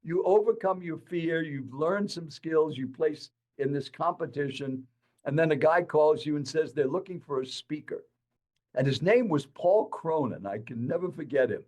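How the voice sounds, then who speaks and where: A man in his eighties telling his life story to an interviewer in an animated, dramatic way. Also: on the high side, normal speed. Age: 80s. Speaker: guest speaker.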